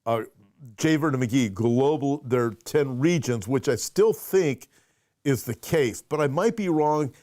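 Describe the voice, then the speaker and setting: A man's voice: mid-range voice, expressive, a little slow, dark tone, no echo, studio quality. A man, a pastor, hosting a casual conversational show with lots of restarts as he talks. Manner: conversational, restarts and fillers, reads viewer questions. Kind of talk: casual chat.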